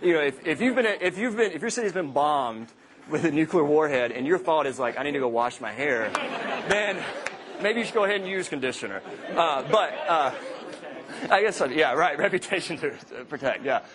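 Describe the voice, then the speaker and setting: A man in his thirties, a campus minister, preaching to college students with humorous personal stories and lively quoted voices. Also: fairly high pitch, brisk, crowd noise, noisy background. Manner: joking storyteller, animated quoted voices.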